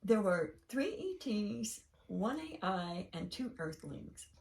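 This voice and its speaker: Gravelly older woman, rambling storyteller. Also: mid-range voice, takes it slowly. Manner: rambling, animated storytelling with laughing asides. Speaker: podcast host. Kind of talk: casual chat. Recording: voice a bit far from mic.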